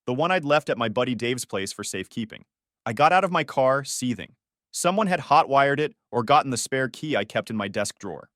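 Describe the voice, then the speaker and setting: A man's voice: mid-range voice, fairly bright tone, no room sound, studio quality. A man narrating a first-person story in a tense, dramatic way.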